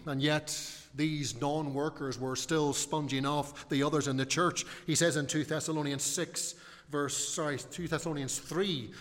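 Male preacher, earnest sermon, slow emphatic stresses, long church-hall reverb. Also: mid-range voice.

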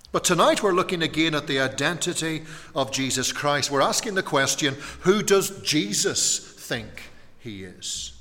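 A man preaching an evening sermon, slow and deliberate, often putting questions to his listeners. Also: fairly high pitch, pushed and bright, big-room sound. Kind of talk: evening sermon on a Bible passage.

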